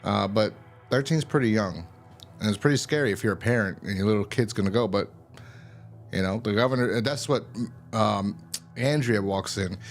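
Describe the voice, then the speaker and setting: A man with a fairly low voice hosts his own review show. He talks through the plot in a loose, rambling way, paraphrasing dialogue and dropping the odd swear. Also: a little hiss or hum. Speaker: show host reviewing a TV episode. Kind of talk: casual recap monologue.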